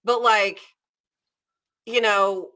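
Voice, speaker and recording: A young woman with a Southern American accent chats about books in a loose, rambling way. She often pauses on fillers. Her voice is bright and clear at an ordinary pitch. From Nashville, Tennessee, USA. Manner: rambling, animated retelling with many fillers. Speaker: book club host. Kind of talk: casual chat.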